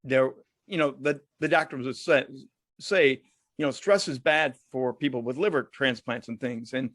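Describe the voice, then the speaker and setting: A man's voice: mid-range voice, moderate pace, a bit bright, no room sound, clean studio sound. A man guest on a podcast, telling stories in a joking, laughing way. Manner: jokey, laughs often, acts out other people in stories. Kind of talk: casual storytelling interview.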